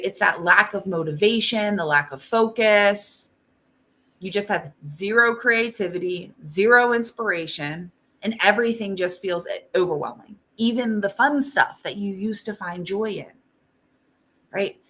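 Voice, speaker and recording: A woman's voice: medium pitch, lively intonation, unhurried, pushed and bright. A woman life coach hosting a talk show, speaking casually and bluntly, swearing freely and checking in with "right?" after most points.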